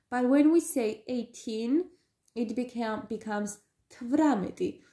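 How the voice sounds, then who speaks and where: Woman teacher explaining numbers slow and patient, bit high voice, roomy echo. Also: dark tone. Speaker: language teacher. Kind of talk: online language lesson.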